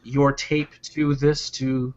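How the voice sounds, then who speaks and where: A man's voice: mid-range voice, level tone, takes it slowly, darkish tone, muffled recording. A man hosting a podcast, reading out news items in a jokey casual way. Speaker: podcast host.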